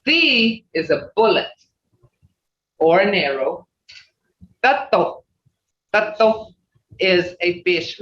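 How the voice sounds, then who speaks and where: A language teacher giving a slow, repetitive pronunciation lesson over a video call, often checking in with "okay?". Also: mid-range voice, fairly bright tone, a little hiss or hum. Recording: roomy, muffled video-call audio.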